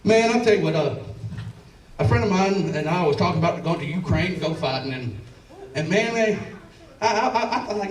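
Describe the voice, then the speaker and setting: A man's voice: sits high, expressive, a little fast, pauses often. Rambling Southern man on a comedy stage. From Alabama and Tennessee. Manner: rambling, stammering restarts, swearing, chuckles through lines. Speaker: stand-up comedian. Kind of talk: stand-up set. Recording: roomy club sound, from a distance.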